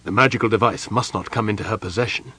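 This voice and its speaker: Grim, urgent adult man, read by a male narrator, low husky voice, clipped delivery, audiobook. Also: fast talker, pushed and bright.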